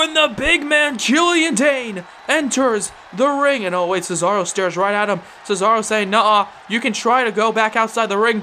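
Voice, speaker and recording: A young-adult host calling a wrestling video game, play-by-play, shouting out the big moves and laughing in disbelief. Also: high voice, a little hiss or hum. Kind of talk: excited play-by-play commentary.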